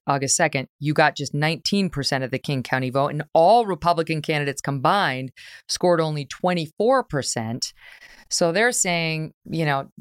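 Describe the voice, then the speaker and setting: A woman's voice: low voice, clean tone, no echo, clean studio sound. A woman from New York hosting a political interview, pressing her guest with probing questions. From New York State. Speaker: podcast host.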